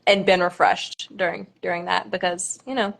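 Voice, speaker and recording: A young woman in her twenties, a pageant contestant, talking casually on a livestream, halting with lots of ums and nervous laughter. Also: lowish voice, flat delivery, creaky, fairly bright tone.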